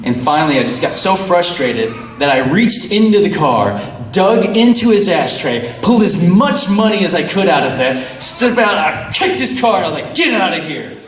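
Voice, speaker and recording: A man telling a story on a stream in a lively way, laughing and acting out what people said. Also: high voice, normal speed. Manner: animated, laughing, acting out quotes. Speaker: guest. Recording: roomy, distant mic, faint noise.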